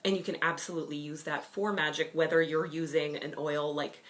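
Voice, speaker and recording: Chatty woman host, lowish voice. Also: steady tone, brisk. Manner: enthusiastic, chatty, frequent fillers. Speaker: host of a witchcraft livestream. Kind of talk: casual livestream talk.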